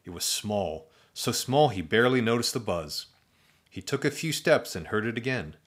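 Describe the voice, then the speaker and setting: Male storybook narrator, low and deadpan, comic asides. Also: normal speed.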